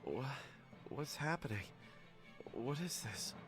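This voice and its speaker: A man's voice: mid-range voice, sing-song, slow, a bit bright, soft background music, voice pushed up. A man doing a weak, sobbing beaten salesman. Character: beaten, dazed male store salesman.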